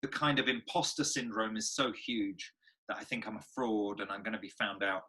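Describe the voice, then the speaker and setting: Bright, animated male actor storytelling. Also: lowish voice, moderate pace. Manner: lively, expressive storyteller. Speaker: actor and guest.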